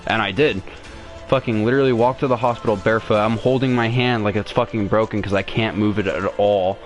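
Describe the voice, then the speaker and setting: A man's voice: on the low side, steady tone, brisk, faint music behind. A young man telling a long personal story on a podcast in a rambling, profane way, full of restarts and fillers. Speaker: podcast host. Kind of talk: casual storytelling.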